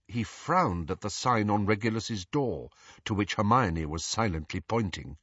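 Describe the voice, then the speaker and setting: A man narrating an audiobook with expressive, varied storytelling. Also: fairly low pitch, moderate pace, husky, no echo. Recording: dull lo-fi dry audio.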